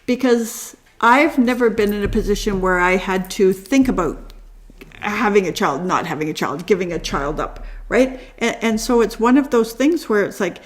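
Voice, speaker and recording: A middle-aged woman with a medium-pitched voice co-hosts an easygoing podcast chat. She talks with enthusiasm, restarts her sentences and keeps checking in with her partner. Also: animated, moderate pace. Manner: enthusiastic, stammers and restarts, ends lines with 'right?'. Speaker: podcast co-host. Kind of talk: casual chat.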